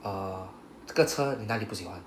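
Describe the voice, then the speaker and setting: A man's voice: fairly low pitch, fast talker. A man teaching a Japanese grammar class, explaining patiently and often checking with "right?". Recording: roomy classroom echo, faint hum.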